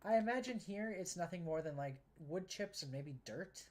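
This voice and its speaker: A woman's voice: fairly low pitch, animated, moderate pace, a little mellow. A woman streaming a game, chatting casually and rambling with self-deprecating, sweary humor. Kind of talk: casual gameplay commentary.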